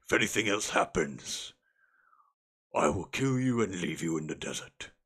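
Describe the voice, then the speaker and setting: A man's voice: low voice, lively intonation, normal speed, fairly bright tone, breathy edge, pitched below the performer's own voice, exaggerated voice. A man voicing a menacing male orc guard in a tabletop game, barking threats at his prisoners. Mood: threatening.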